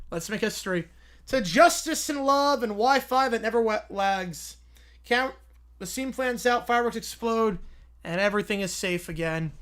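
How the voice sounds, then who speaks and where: A young man hosting a casual livestream, reading stories and tossing out sarcastic remarks. His delivery is quick and wry, flipping easily between deadpan asides and playful mockery. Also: high-pitched. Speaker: livestream host.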